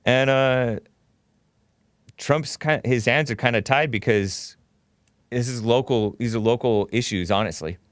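A man's voice: medium pitch, a little slow, long pauses, dry recording, studio quality. A man hosting a call-in talk show, arguing with and interrupting callers.

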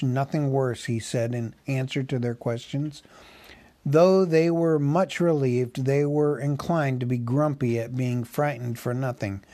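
Male reader, unhurried, dry close sound, mid-pitched. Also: warm tone, no room sound. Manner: slow, measured storytelling. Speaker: audiobook reader. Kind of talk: reading a novel aloud.

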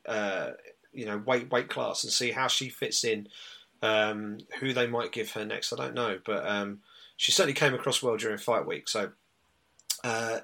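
A British man co-hosting a podcast, talking through fight results in a loose, chatty way. His voice is bright and forceful, pitched in the middle for a man, and he fills his sentences with ums and uhs. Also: creaky. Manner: chatty, rambling with many fillers. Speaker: podcast co-host. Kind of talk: casual chat, recapping results.

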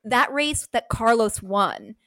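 A woman co-hosting a podcast in casual chat, animated, swearing and saying "like" often, breaking into shrieking laughter. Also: a little high, slow pace, dry recording, low-quality recording. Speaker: podcast co-host.

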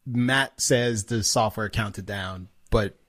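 A man's voice: on the low side, slow, a bit bright, no echo. A man hosting a podcast in casual chat, wry and self-mocking. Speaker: podcast host.

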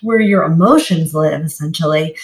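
A woman's voice: sits low, normal speed, poor audio. Woman interview host, admiring. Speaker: podcast host. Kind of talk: interview chat.

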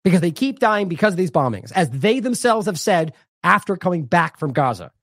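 A man's voice: high-pitched, big pitch swings, brisk, a bit bright, dry recording, studio quality. A man hosting an independent news show, delivering indignant, sarcastic commentary with heavy emphasis.

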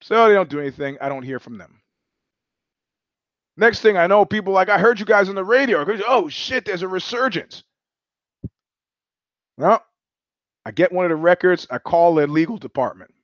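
A man's voice: sits high, animated, normal speed, pauses often, no room sound, lo-fi sound. Blunt, profane man telling stories. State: sweating. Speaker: podcast host. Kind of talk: casual monologue.

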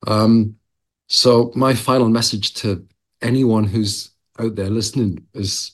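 A man with a fairly low voice speaks as a guest on a broadcast interview. He talks earnestly and haltingly, pausing on fillers as he works through his points. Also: fairly even intonation.

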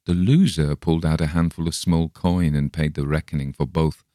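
A man with an extremely deep voice reads a Victorian tale aloud in a steady, measured way. The recording is dry and close, with no room sound around him. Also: dry recording. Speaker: audiobook reader. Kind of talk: scripted narration.

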